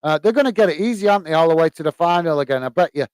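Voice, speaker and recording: A man's voice: fairly high pitch, lively intonation, darkish tone, clear, resonant tone, dry recording. A man with a British accent hosting a football live stream, reading out viewer comments and welcoming people with lots of "uh" fillers and "mate". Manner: halting, many "uh" fillers, calls viewers "mate". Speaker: football channel host reading live chat. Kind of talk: casual live stream chat.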